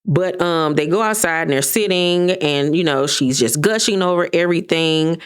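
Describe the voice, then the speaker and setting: Sassy low-voiced woman recapping gossip. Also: normal speed, smooth. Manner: sassy, gossipy, animated impressions of cast members. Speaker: reality TV recap host. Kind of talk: casual recap commentary.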